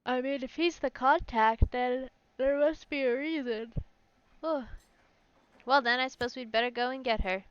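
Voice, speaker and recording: A woman's voice: high-pitched, moderate pace, clear, resonant tone, dry recording. Chatty woman streamer, slightly muffled. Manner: chatty, reacts aloud to the game, stumbles over hard words. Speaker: game streamer. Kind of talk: reading a text game aloud and chatting live.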